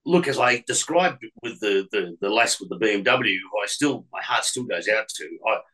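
A low, bright-toned man tells radio stories as a guest. He is emotional and stumbles through repeated words and restarts. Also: lively intonation, moderate pace, poor audio. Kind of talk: storytelling interview.

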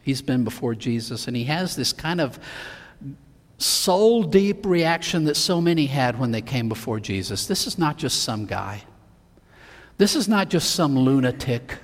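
Dramatic preacher in an echoing hall. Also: male voice, medium pitch, lively intonation, a little slow. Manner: dramatic, acts out the Bible figures' speech, swings between soft and loud. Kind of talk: sermon.

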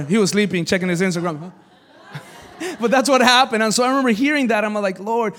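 A male pastor preaching a sermon, telling a personal story with jokes, loud exclamations and hushed asides to his congregation. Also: high voice, a little fast. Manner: animated, jokey storyteller who swings from loud exclamations to quiet asides. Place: church service before a congregation.

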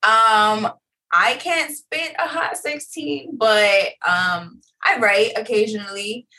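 A woman's voice: a little high, slow pace, bright, forceful tone, low-quality recording. A woman in her thirties, chatting hesitantly as a guest, often trailing off with fillers. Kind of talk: casual chat. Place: home studio booth.

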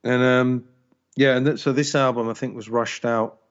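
A man co-hosting a music podcast, talking in a measured, reflective way with hesitant fillers. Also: mid-range voice, steady tone, clear, resonant tone. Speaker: podcast co-host and radio show host. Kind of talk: casual music podcast chat. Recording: dull lo-fi sound.

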